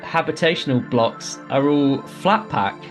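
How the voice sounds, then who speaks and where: A man's voice: medium pitch, expressive, a little slow, over music, poor audio. A man co-hosting a podcast in giggly, self-interrupting casual banter. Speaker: podcast co-host. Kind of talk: casual chat.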